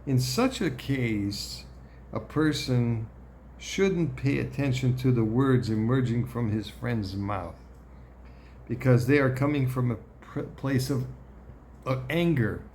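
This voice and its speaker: Slow, gravelly-voiced man teaching Torah. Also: medium pitch, darkish tone, slight background noise. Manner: deliberate, clears throat often, checks in with "okay?". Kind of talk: Torah lesson explanation.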